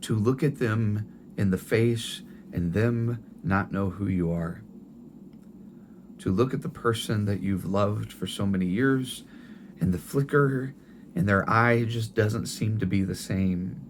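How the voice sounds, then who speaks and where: A middle-aged man preaching a sermon in a gentle, tender storytelling way, often restarting his phrases. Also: lowish voice, takes it slowly, a little hiss or hum. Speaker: pastor.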